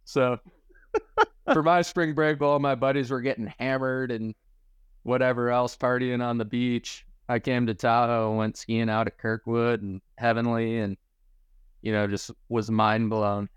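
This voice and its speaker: A man's voice: medium pitch, smooth, dry recording. A man in his forties from Michigan, a podcast guest telling stories in a laid-back way, swearing casually and saying dude and bro. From Michigan, USA. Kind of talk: casual storytelling chat.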